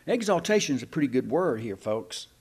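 A man preaching a sermon in a folksy, animated way, with sarcastic asides to the congregation. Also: mid-range voice, brisk, breathy edge. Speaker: pastor.

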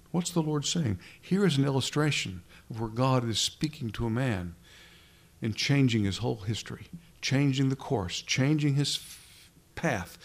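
Delivering a sermon in a mid-range, darkish voice, this preacher talks casually to the room and addresses listeners directly. He frequently stumbles and starts his sentences over.

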